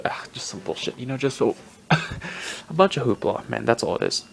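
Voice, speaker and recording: A man's voice: mid-range voice, big pitch swings, normal speed, creaky, fairly bright tone, a little hiss or hum. Rambling, profane male podcast host. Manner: rambling, profane, self-mocking, laughs often. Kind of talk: casual solo sports commentary.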